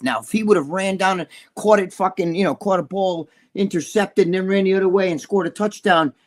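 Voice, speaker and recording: A middle-aged man, ranting loudly and profanely as a podcast co-host. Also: high voice. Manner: loud, profane, fast-shifting rant.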